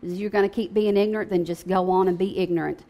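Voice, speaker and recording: A woman's voice: medium pitch, fairly even intonation, fast talker, highs cut off. A woman preaching a sermon in a conversational, emphatic way, often checking in with "okay?".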